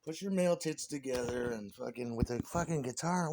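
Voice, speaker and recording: A man's voice: mid-range voice, a little fast, noisy background. A man talking casually in an interview, ranting and scornful, with lots of swearing.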